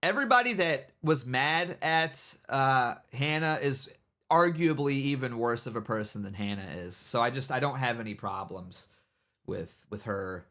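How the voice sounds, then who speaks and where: A man's voice: medium pitch, animated, normal speed, sharp tone. A man hosting a livestream, giving casual, rambling commentary and mocking people, with many repeated "you know what I mean"s. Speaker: livestream host.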